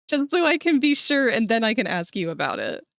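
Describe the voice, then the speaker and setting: A woman's voice: fairly high pitch, creaky, dry recording. Chatty woman streamer, dry close sound. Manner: chatty, rambling storyteller, talks to chat viewers. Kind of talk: casual chat while working live.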